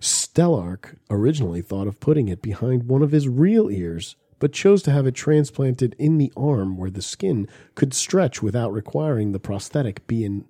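A man's voice: mid-range voice, animated, normal speed, few pauses, warm tone. A man co-hosting a crude, casual podcast, reading an article aloud and joking around. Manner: jokey, drops into silly put-on voices. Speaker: podcast co-host.

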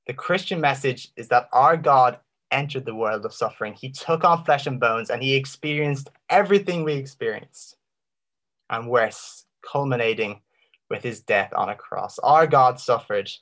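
A man giving an impassioned Christian apologetics talk, full of rhetorical questions and dramatic pauses. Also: medium pitch, a bit bright. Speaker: Christian speaker.

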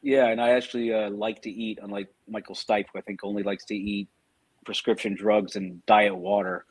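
A man's voice: fairly low pitch, level tone, normal speed, slightly rough. A man co-hosting a casual football podcast, making dry, sardonic asides. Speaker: podcast co-host.

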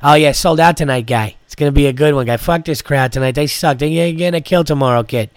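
A man's voice: on the high side, quick pace, dry recording, lightly acted. A man doing a brash Boston doorman. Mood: blunt. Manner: loud, blunt, says "guy" constantly.

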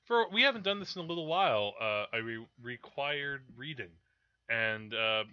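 A man's voice: mid-range voice, lively intonation, moderate pace, clear, resonant tone, no echo, muffled recording. Male co-host, eager and rambling, close dry mic. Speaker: podcast co-host. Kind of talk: casual film podcast chat.

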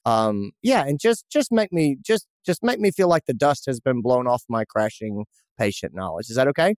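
A man's voice: mid-range voice, sing-song, normal speed, hardly any pauses, no room sound, clean studio sound. A man hosting a podcast, chatting casually and joking with an old friend, with lots of restarts. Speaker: podcast host.

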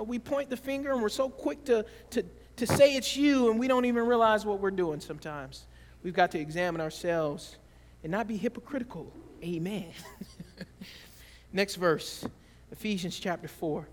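A man preaching a sermon as pastor, telling stories with animated shifts between quiet and loud. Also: long reverb tail. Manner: animated storytelling with big swings in pitch and loudness.

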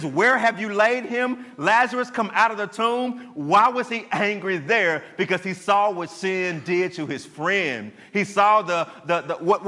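Animated preacher man in a reverberant hall. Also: high voice. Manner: animated preaching with frequent rhetorical questions. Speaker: pastor. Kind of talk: sermon.

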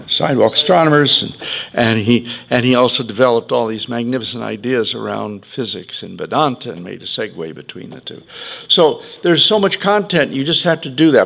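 Man, spiritual teacher, lively pitch, gravelly edge, playful talk with acted-out quotes. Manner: animated, playful, acts out quotes with sudden pitch jumps.

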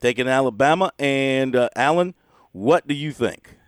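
A man's voice: mid-range voice, expressive, moderate pace, smooth, no echo. A man hosts a sports radio segment in a jovial, teasing way, often chuckling as he reads out the betting lines. His voice sits in an ordinary middle register. It's recorded close and dry in a studio. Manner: jovial, laughs often while reading spreads. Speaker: radio sports show host. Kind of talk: casual radio chat.

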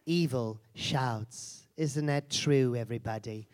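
A man's voice: medium pitch, slow, a little mellow, lightly acted. A man performing a brash, foul-mouthed female self-help seminar guru in a live comedy character act, mocking and insulting the audience.

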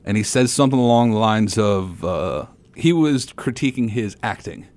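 A man's voice: fairly low pitch, expressive, normal speed, a little mellow. A man co-hosting a casual wrestling chat, making wry, jokey asides. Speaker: podcast co-host.

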